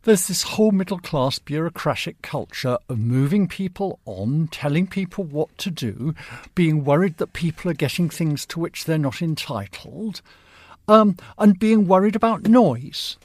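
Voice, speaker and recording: A man's voice: on the high side, animated, unhurried, no room sound. A man in a casual discussion who speaks in a dry, wry, sarcastic way.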